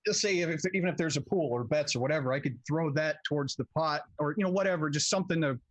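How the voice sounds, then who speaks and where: A man's voice: on the high side, fast. A man chatting casually as a player at a tabletop game, rambling with many fillers.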